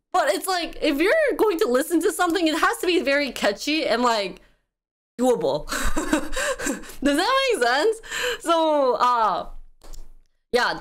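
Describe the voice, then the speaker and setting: A woman's voice: sits high, a bit bright. A woman hosting a music video reaction, chatting casually with lots of energy, giggles and fillers.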